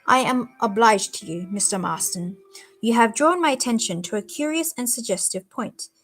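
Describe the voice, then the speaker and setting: A woman reading aloud and voicing a stern elderly male judge who questions people in a measured, formal way. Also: a little high, animated, faint music behind.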